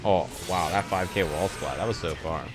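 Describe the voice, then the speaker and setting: A man's voice: sits low, normal speed, soft background music. A man rambling and swearing casually to his chat while playing a fighting game live. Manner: profane, rambling, exasperated. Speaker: streamer.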